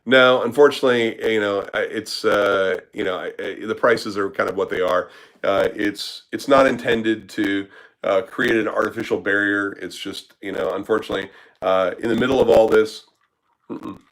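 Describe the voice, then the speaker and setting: A man's voice: fairly low pitch, moderate pace, fairly bright tone, poor audio. A man who works as a startup business consultant, answering questions in a casual live Q&A, blunt and profane with lots of filler words.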